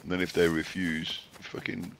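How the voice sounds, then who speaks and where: A man's voice: low voice, level tone, normal speed, creaky, fairly bright tone, slight background noise. A man chatting casually with a friend during a game, teasing him and swearing freely. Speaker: friend and co-player. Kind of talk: casual gaming chat.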